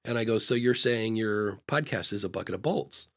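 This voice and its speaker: A man's voice: on the low side, moderate pace. A man co-hosting a live podcast advice show, talking frankly in a loose, casual way with fillers and restarts, and acting out short dialogues in different voices. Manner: acts out little back-and-forth dialogues in changing voices. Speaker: podcast consultant and co-host.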